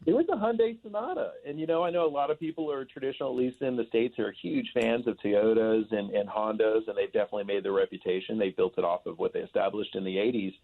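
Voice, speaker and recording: Chatty male guest calling in, deep-ish voice, rambling with fillers, tinny phone sound. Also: fast, gravelly, few pauses. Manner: talkative, rambling with many fillers. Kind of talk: casual interview chat. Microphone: phone line.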